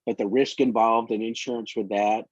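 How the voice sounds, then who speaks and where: A man's voice: on the low side, steady tone, moderate pace, darkish tone, slightly rough, dry recording. A man telling long, winding work stories as a guest in a casual interview. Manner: rambling, long winding anecdotes. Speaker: photographer guest. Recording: dull lo-fi dry sound.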